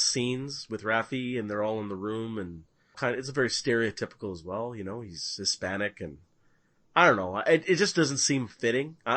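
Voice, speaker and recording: A man's voice: mid-range voice, pushed and bright. Easygoing man giving casual opinions. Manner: easygoing, opinionated, laughs along. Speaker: podcast co-host. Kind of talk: casual review chat.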